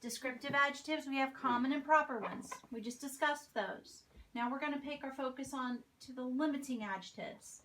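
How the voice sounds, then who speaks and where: Bright-voiced woman teaching grammar at home. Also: high-pitched, moderate pace, few pauses. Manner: patient, explains with examples and checks with "right?". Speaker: homeschool teacher. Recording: distant mic with faint noise.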